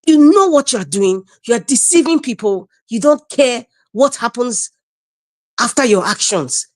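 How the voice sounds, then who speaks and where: A woman's voice: fairly high pitch, lively intonation, measured pace, darkish tone, no echo. A woman with a Nigerian accent speaking as a panelist on a video call, giving impassioned political commentary, indignant and emphatic, repeating her phrases.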